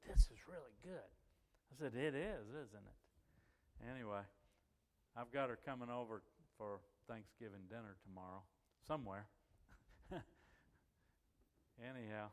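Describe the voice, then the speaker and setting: A middle-aged church member tells a folksy, chatty anecdote, laughing as he goes and acting out the voices of the people he quotes. His ordinary-pitched voice carries a long reverb, like he's in a big hall.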